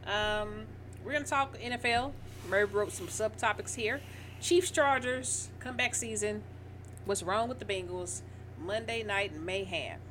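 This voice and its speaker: A woman with a rural Southern American twang co-hosts a casual sports podcast, drawling, teasing and laughing easily. Her voice is medium-pitched, a bit bright and a little slow, with slight background noise.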